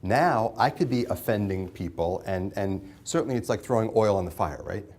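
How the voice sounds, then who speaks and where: A man's voice: lowish voice, moderate pace, a little mellow, slight background noise. Guy lecturing a mediation class, chatty, keeps quizzing the room and echoing answers. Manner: conversational, asks the class questions and repeats their answers. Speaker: mediation instructor.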